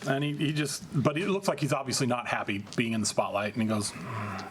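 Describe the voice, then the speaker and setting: A man's voice: medium pitch, slight background noise. Man narrating as game master. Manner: relaxed, halting narration with fillers. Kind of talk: narrating a tabletop role-play game.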